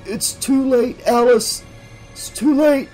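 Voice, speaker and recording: A man voicing a weakened young man who croaks and cries out in desperation. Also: sits high, slow, darkish tone, faint music behind, pitched above the performer's own voice, low-quality recording. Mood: desperate.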